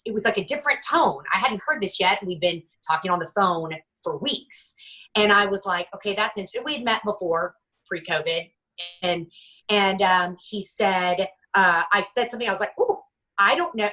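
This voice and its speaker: A woman in her forties speaks candidly as an interview guest, her voice bright and forceful. She stops and restarts often, then livens up to act out the lines of people in her stories. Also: mid-range voice, low-quality recording. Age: 40s. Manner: halting, many restarts, lively quoting of others. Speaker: guest author.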